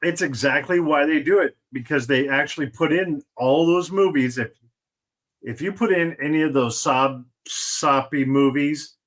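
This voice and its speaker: A man's voice: a little high, normal speed. A man co-hosting a podcast in casual chat, telling stories with crude jokes. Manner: animated storyteller, crude and joking. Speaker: podcast co-host.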